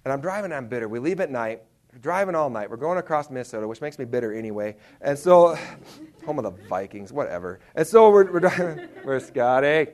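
A man telling a humorous story in a sermon as a preacher, animated and self-deprecating, acting out his own reactions. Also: medium pitch, brisk.

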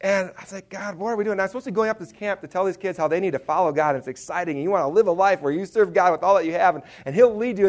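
With a fairly high-pitched voice, a male preacher tells a humorous story during a sermon. He is animated and self-deprecating, acting out his own reactions.

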